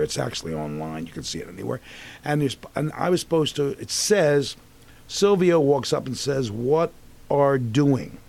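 Gravelly, husky man in his sixties. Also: mid-range voice. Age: 60s. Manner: animated, rambling anecdotes with restarts. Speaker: actor guest. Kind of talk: casual storytelling interview.

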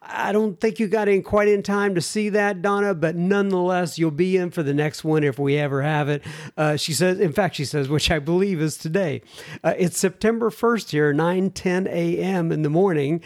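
Man, podcast host, casual chat, rambling, digressive, fillers, fairly high voice. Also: moderate pace. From United States. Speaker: podcast host reading listener emails. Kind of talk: casual chat reading letters aloud.

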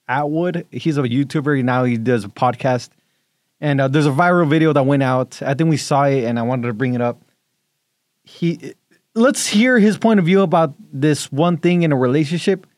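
A man co-hosting a podcast in casual chat, playful and quick to laugh. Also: mid-range voice, no echo, clean studio sound. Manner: laughs often, playful and animated. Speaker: podcast co-host.

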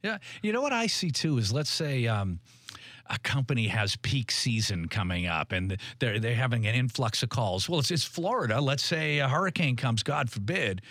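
A man's voice: medium pitch, expressive, moderate pace, a bit bright, no echo. Male radio host, upbeat and conversational, dry close sound. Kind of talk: talk radio hosting.

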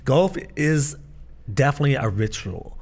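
A man's voice: mid-range voice, lively intonation, normal speed. A man, a podcast co-host and pastor, telling his life story in casual conversation, earnest and full of restarts. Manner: earnest, with frequent restarts and fillers.

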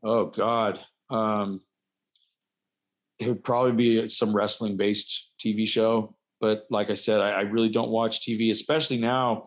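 A man's voice: lowish voice, level tone, a little slow. Rambling man on a dull, lo-fi recording. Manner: rambling, self-deprecating storyteller. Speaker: guest, wrestler. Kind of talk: casual interview chat.

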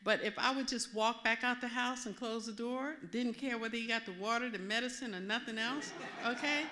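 A woman minister giving a sermon in an animated, conversational way, often asking her listeners questions. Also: a little high, brisk, noisy background.

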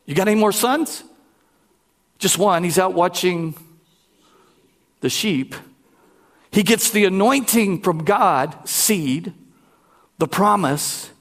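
High-voiced man preaching a sermon. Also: takes it slowly, long pauses. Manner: animated preaching, talks directly to the congregation. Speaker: pastor.

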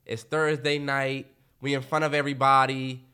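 A man co-hosting a casual sports podcast, loud and trash-talking, swearing a lot. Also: medium pitch, little pitch movement, normal speed, clear, resonant tone. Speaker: podcast co-host.

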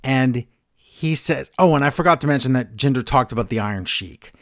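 A man's voice: medium pitch, brisk, no room sound, clean studio sound. A man co-hosting a casual wrestling podcast, eagerly retelling scenes and acting out quotes. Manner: excitable storyteller, recaps scenes and acts out quotes. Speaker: podcast co-host.

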